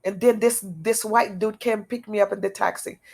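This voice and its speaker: A woman giving an emotional personal testimony, halting and repetitive, speaking earnestly. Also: medium pitch, steady tone, vocal fry, a little mellow, slightly rough. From outside America.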